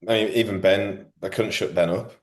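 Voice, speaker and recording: A man's voice: fairly low pitch, steady tone, a little fast. A man hosting a podcast, chatting casually with lots of slang and banter. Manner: banter-heavy, slangy, joking. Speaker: podcast host. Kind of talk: casual chat.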